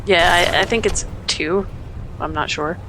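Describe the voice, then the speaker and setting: A co-commentator bantering during a gameplay session, tossing out teasing questions and quick quips. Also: mid-range voice, noisy background.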